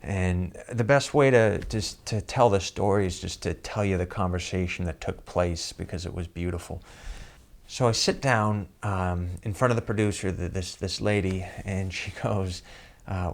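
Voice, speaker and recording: A male comedian telling a story about himself. He speaks in a somewhat low voice, chuckles along the way and keeps the tone self-deprecating. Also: normal speed. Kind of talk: comic storytelling.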